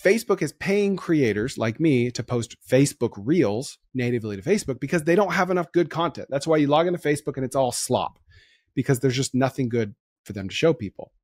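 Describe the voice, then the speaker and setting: A man hosting a podcast in casual chat, excitable and quick to laugh as he riffs on ideas. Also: medium pitch, no echo, studio quality. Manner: excitable, laughs easily, rapid riffing. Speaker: podcast host.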